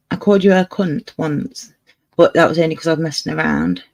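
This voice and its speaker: A woman's voice: deep voice, big pitch swings, fairly quick, vocal fry, darkish tone, low-quality recording. A woman casually chatting on her livestream, swearing freely and scolding her cat as she talks. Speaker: livestream host.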